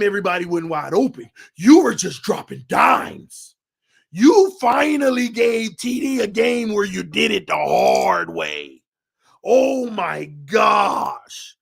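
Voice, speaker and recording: A man hosting a fan sports channel, talking in loose, animated commentary that swings between shouting and laughing. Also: high-pitched, gravelly. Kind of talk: casual fan commentary livestream.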